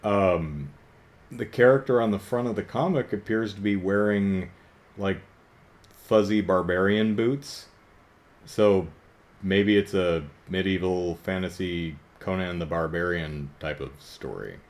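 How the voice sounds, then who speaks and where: In casual vlog commentary, a man in his 30s who reviews comic books speaks with a low voice, a little slowly. He's wry and self-deprecating, occasionally working up to exasperated emphasis.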